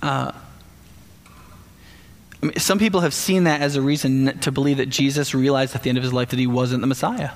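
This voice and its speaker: A man preaching a sermon in a conversational, animated way, speaking directly to the congregation. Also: mid-range voice, fairly quick, long pauses. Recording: long hall reverb.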